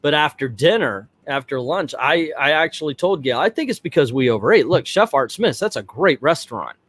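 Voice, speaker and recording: A middle-aged man hosting a casual vlog, telling a personal story in a rambling, animated way. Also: on the high side, brisk. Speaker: vlog host.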